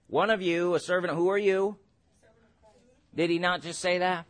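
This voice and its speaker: Preacher, male, middle-aged, high-pitched, emphatic delivery that swings from quiet to shouting. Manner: emphatic, builds to shouted exhortations and quick asides. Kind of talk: sermon.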